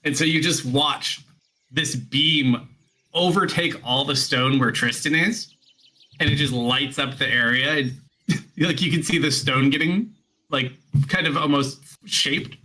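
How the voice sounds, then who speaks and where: A man's voice: medium pitch, a little slow, bright, forceful tone. A man running a tabletop role-playing session as dungeon master, narrating in a loose, rambling way with fillers.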